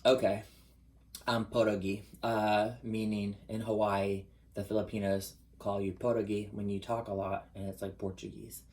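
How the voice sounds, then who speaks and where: A man in a casual, confessional vlog monologue, chatty and expressive, with sudden rises in pitch for emphasis. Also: normal speed, hardly any pauses, poor audio. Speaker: vlogger.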